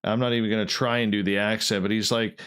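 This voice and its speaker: A man's voice: fairly low pitch, flat delivery, fast talker, a bit bright, clean tone. A man hosting a radio show, chatting casually and rambling with frequent restarts and fillers.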